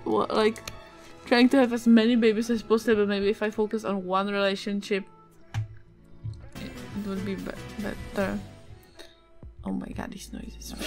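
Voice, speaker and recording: A Czech-accented woman giving casual let's-play commentary, excitable, swearing and yelping at the game. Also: on the high side. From Czech Republic. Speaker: gaming video creator.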